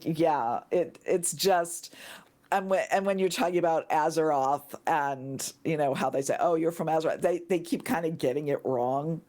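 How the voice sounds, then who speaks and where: Excitable woman gushing on a podcast. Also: low-pitched, measured pace. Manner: excitable, gushing, shrieks when thrilled. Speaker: podcast guest. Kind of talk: casual chat.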